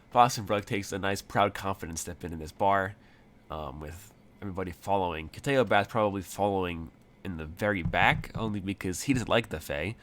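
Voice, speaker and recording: Man game master, low voice, casual hesitant narration. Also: fairly bright tone, slight background noise. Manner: rambling, hesitant, many fillers.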